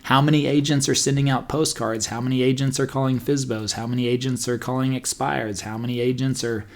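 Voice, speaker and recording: A man hosts a podcast and chats in a loose, easygoing way, stopping and restarting as he tells a story. His voice sits at an ordinary middle pitch, and he fills pauses with little "uh"s and "you know"s. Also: little pitch movement. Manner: rambling, anecdotal, many fillers and restarts. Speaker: podcast host and real estate agent. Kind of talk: casual storytelling monologue.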